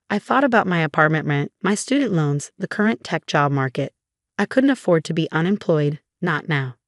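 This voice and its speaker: Steady and measured, a fairly low-voiced woman narrator tells a story in the first person. The audio is dry and close-miked, with no room sound at all.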